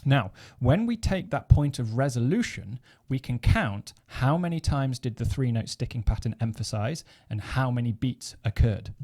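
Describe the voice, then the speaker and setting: Dark-voiced male drum teacher. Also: mid-range voice, expressive, moderate pace, hardly any pauses. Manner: methodical, counts beats aloud while playing. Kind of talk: instructional explanation.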